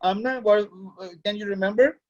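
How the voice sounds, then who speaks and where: A high-pitched male course director addresses his students in a classroom fairly quickly and with fairly even intonation, lecturing like a father and sometimes switching into Urdu. The recording is muffled.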